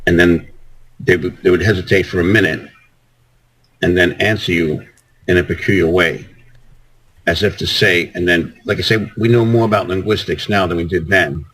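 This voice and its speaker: Deep husky man, rambling talk. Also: steady tone, normal speed, fairly bright tone, poor audio. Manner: rambling, repeats words and restarts. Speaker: guest. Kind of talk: casual call-in talk.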